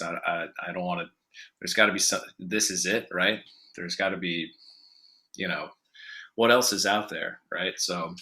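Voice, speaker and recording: Low-voiced, bright American man rambling. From United States. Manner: rambling, many fillers and restarts. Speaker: musician guest. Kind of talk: casual interview answers.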